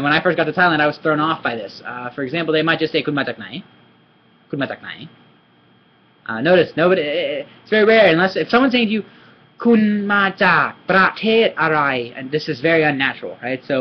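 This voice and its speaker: Fast-talking man teaching Thai. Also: medium pitch, dull audio, slight background noise. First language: English. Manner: chatty, often asks "right?" and explains with examples. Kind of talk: casual video lesson.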